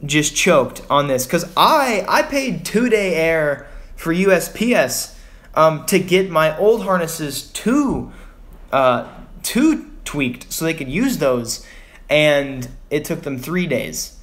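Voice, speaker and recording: A man's voice: fairly high pitch, animated, slow, fairly bright tone. A young man from Texas hosting a casual livestream, rambling and sighing as he vents his frustration. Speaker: vlogger on a livestream.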